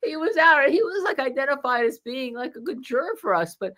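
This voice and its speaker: A woman's voice: high-pitched, big pitch swings, brisk, a bit bright. A woman trial lawyer with a New Jersey accent, co-hosting a casual legal commentary show, chatty with many fillers and restarts.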